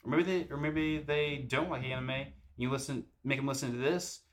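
A man's voice: mid-range voice, flat delivery, normal speed. A young man co-hosting a casual podcast, goofy and teasing as he talks. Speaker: podcast co-host. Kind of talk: casual chat.

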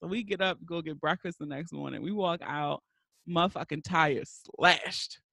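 A woman's voice: sits low, normal speed, gravelly, pushed and bright, no room sound. A woman from Baltimore hosting a podcast, telling a story in casual chat and laughing her way through it. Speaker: podcast host.

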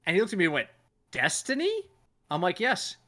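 A man hosting a casual sports podcast, talking in an animated way, swearing and acting out what other people said. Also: fairly high pitch, racing. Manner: animated, swears, acts out quoted voices. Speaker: podcast host.

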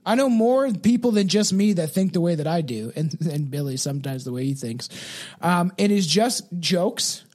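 High-voiced man, rambling casual host. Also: expressive, moderate pace, darkish tone. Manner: rambling, laughing, self-described exaggerated character. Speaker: podcast host. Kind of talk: casual chat.

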